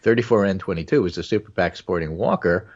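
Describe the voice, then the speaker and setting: A man co-hosting a talk show, joking deadpan and reading news items aloud. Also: low-pitched, quick pace, highs cut off. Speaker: co-host. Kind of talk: casual political talk.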